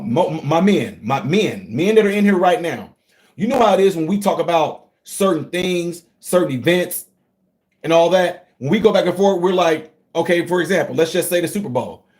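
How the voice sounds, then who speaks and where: A middle-aged livestream host talks directly to his viewers in a casual stream, at a moderate pace. His voice is high for a man, and he swings between quiet, low asides and loud, excited outbursts.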